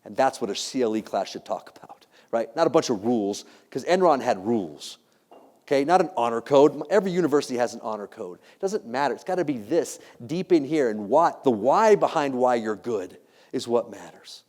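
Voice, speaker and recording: A middle-aged man giving a motivational keynote speech to a live audience, animated and jokey, often laughing at his own stories. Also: mid-range voice, fairly quick. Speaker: keynote speaker.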